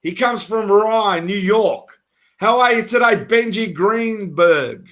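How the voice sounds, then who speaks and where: A man's voice: high-pitched, slow pace, fairly bright tone. A man from Melbourne, hosting a casual podcast interview in a jokey, eager way. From Melbourne, Australia. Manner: jokey, eager, laughs along. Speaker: podcast host.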